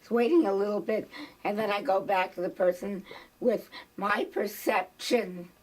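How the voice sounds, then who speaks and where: A woman's voice: medium pitch, steady tone, moderate pace, rough recording. A woman in a class who asks questions and shares her own view with some hesitation. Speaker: class participant. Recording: heard from across the room.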